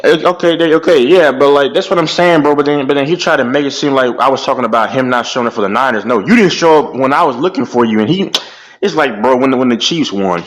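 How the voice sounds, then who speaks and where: A young man on a casual sports talk stream, animated and loud, ranting and repeating "bro". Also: medium pitch, fast, low-quality recording. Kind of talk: heated casual sports chat.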